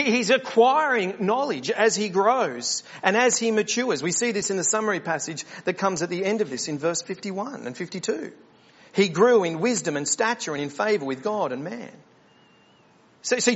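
A man's voice: high-pitched, a bit bright, dull audio. A man preaching a sermon as the church pastor, earnest and questioning, often restarting his words.

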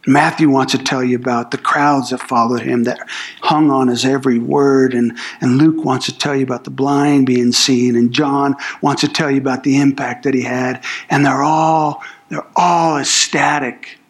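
A man's voice: medium pitch, steady tone, moderate pace. A man preaching a sermon as a pastor, telling the story casually with slang and acting out what people say. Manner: acts out quoted speech in the story.

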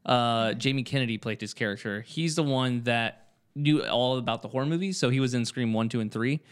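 Casting: male podcast host, casual banter, quick to laugh. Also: medium pitch, smooth. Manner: laughs often, loose and jokey. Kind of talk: casual group chat.

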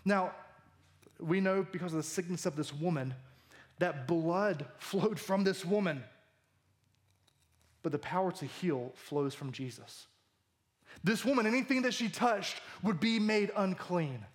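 High-voiced animated male preacher. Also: a little slow, pauses often. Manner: animated, jokey, acts out quoted lines. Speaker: pastor. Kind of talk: sermon.

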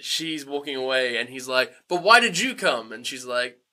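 A man recapping a film in animated casual chat, laughing often and acting out the characters' lines. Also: mid-range voice, moderate pace. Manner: animated, laughing, swearing, acts out voices. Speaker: podcast co-host.

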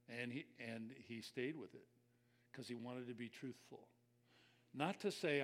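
A man's voice: medium pitch, a little slow. Man, older, pastor, conversational sermon, reflective, direct to listeners.

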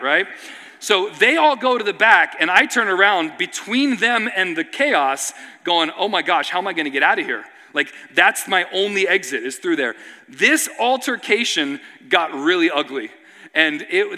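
A man preaching as a pastor, telling a story to his congregation in an animated way that builds to near-shouting excitement, often checking in with a "right?". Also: sits high. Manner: keeps asking "right?" of the audience. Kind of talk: sermon storytelling. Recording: long reverb of a large hall.

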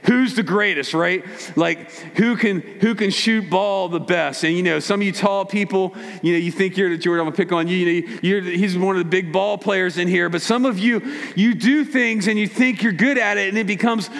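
A man preaching a conversational sermon to his congregation, acting out quick voices as he makes his points. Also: sits high, in a large hall. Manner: conversational, animated, acts out voices. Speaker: pastor.

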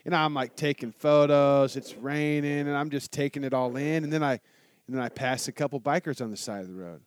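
A man telling a motorcycle story in casual chat, animated and swearing a lot. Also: medium pitch, brisk, clear, resonant tone, no room sound, studio quality. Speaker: guest telling a travel story.

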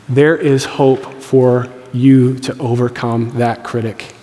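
Pastor preaching in a reverberant hall. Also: male voice, medium pitch, steady tone, slow pace, few pauses, mellow. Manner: conversational and joking, with playful voiced asides. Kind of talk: sermon.

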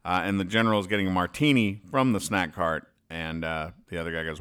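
Bright-toned man dryly explaining comics. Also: sits low, clean tone. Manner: halting, with frequent "uh" and restarts, dryly explaining jokes. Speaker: podcast host reading comics aloud. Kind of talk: casual read-aloud commentary.

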